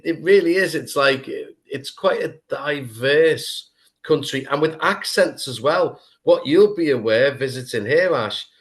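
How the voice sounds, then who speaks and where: A man with a Scouse accent hosting a casual podcast chat, talking with eager enthusiasm. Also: medium pitch. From England. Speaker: podcast host.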